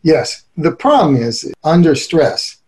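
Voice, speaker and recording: A middle-aged man giving an earnest, animated interview as a relationship expert, often breaking into laughter. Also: fairly high pitch, takes it slowly. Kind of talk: conversational interview.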